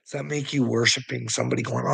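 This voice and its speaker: A man's voice: mid-range voice, creaky, a bit bright, husky, poor audio. A man giving rambling casual commentary to a viewer, chuckling often and swearing freely. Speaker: online commentator.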